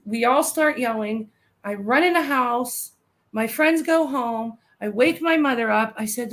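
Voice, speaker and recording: Chatty woman with a high voice. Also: a bit bright. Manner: chatty, giggly, tells stories fast. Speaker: podcast co-host. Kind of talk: casual chat reading live comments.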